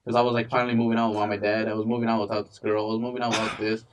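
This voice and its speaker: A man's voice: on the low side, level tone, very fast, distant mic, a little hiss or hum. A young man in casual podcast chat, telling rambling stories with lots of swearing. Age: young adult. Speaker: podcast co-host.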